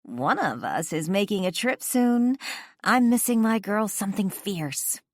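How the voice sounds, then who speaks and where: A woman voicing a teasing, bubbly young female best friend in a lively way. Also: medium pitch, measured pace, no echo, clean studio sound, pitched above the performer's own voice.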